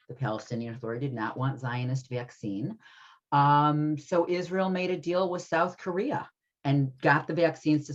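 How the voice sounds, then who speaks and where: A woman with a low voice leads an online ethics class, chatting loosely and often checking in with "right?". Her sound comes through a dull, lo-fi video-call line. She teaches in an easy conversational way. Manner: chatty, many fillers, keeps asking "right?".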